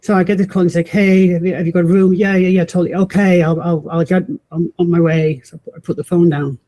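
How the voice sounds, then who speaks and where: Woman in her fifties telling a lively story. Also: on the low side, fast talker. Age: 50s. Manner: acts out quoted voices, frequent restarts. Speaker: podcast guest. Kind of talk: animated personal storytelling.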